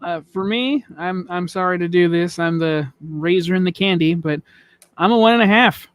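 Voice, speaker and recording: High-pitched playful male co-host. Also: moderate pace, fairly bright tone. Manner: playful, self-described sassy. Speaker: podcast co-host. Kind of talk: casual review chat.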